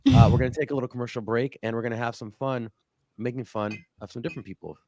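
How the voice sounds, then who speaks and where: A man of Cuban family hosting a casual political talk stream, blunt and quick, with frequent restarts. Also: medium pitch, steady tone, a little mellow, no echo, studio quality. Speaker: host.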